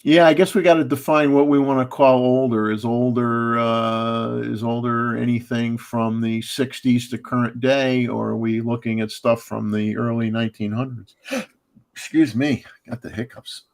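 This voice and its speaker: A man's voice: medium pitch, little pitch movement, normal speed, gravelly, few pauses, smooth. Man, livestream host, casual chat, rambling, filler-heavy, chuckles, restarts.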